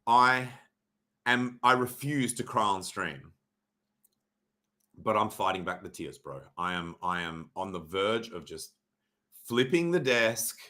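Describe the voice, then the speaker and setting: A young adult man hosting a casual livestream, sarcastic and mock-dramatic, swearing freely and often clearing his throat. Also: low voice, steady tone, a little slow, pauses often, pushed and bright. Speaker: livestream host reviewing crypto charts. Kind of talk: casual livestream chart talk.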